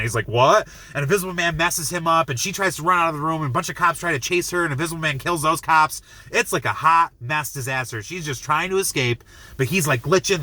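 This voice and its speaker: A young man reviewing a film, retelling the plot in an excited, rambling way full of "like" and acting out lines. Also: fairly high pitch. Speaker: movie reviewer. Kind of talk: enthusiastic movie review.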